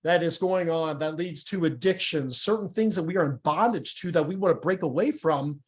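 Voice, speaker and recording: A middle-aged man with a fairly high voice tells his testimony in a church interview. He talks candidly and with feeling, tripping over words and starting sentences again. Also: moderate pace. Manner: candid, emotional, stumbles and repeats words. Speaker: guest sharing his testimony.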